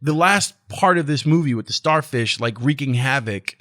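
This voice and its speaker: A man's voice: medium pitch, lively intonation, normal speed, fairly bright tone. A man hosting his own movie review channel, ranting casually in a blunt, profane and sarcastic way.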